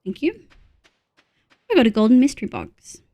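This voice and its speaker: A young woman from Australia streaming a farming game, chatting casually, gasping with excitement and counting items aloud. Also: on the high side, moderate pace. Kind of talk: casual gameplay chat.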